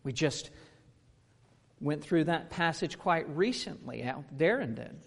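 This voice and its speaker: A man's voice: a little high, lively intonation, a little slow, vocal fry, breathy edge, in a large hall. A man in his thirties preaching a sermon, earnest and emphatic, asking rhetorical questions.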